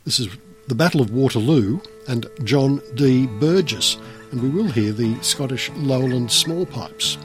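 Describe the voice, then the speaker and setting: A man's voice: medium pitch, animated, a little slow. A man hosting a radio music show, chatting easily as he back-announces the songs and signs off. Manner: easygoing, chatty, wraps up warmly at the close.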